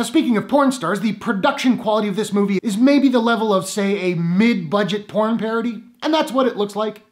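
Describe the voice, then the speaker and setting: A film reviewer giving a spoken movie review with a sarcastic, wry delivery. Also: mid-range voice.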